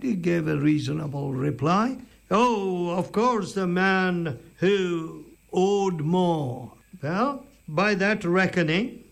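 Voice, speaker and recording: A man delivers a sermon in a high, gravelly voice. He speaks slowly and emphatically, leaning on rhetorical questions and dramatic pauses. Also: a bit bright. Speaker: preacher.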